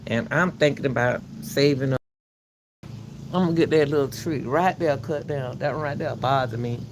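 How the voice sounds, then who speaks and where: A man hosting his own channel, giving casual spoken commentary in a loud, projected coach's voice, emphatic and preachy, often repeating himself. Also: mid-range voice, moderate pace, noisy background. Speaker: channel host commenting on a court case.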